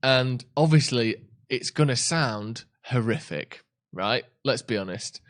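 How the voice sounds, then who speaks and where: A man's voice: medium pitch, expressive, takes it slowly. Rambling, jokey male watchalong co-host. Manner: rambling, jokey, searches for words. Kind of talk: casual live match watchalong chat.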